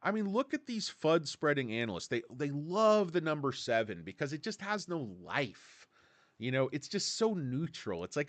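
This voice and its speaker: Male streamer, lively swinging pitch, dry close mic, sarcastic casual rant. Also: normal speed, dry recording. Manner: animated, sarcastic, mocks analysts with put-on voices. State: tired. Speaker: stock commentary livestream host.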